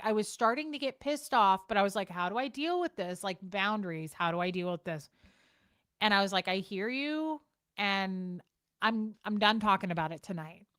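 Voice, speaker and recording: A woman's voice: medium pitch, a bit bright, no room sound, clean studio sound. A woman vlogger ranting frankly and with exasperation, swearing and repeating herself as she talks to the camera. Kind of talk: casual talking-to-camera rant.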